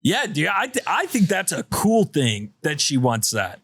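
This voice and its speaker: A man co-hosting a casual podcast, telling stories with animated energy and acting out other people's voices. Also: on the high side, measured pace, slightly rough, dry recording, clean studio sound. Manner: animated storyteller, acts out voices. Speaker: podcast co-host. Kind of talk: casual chat.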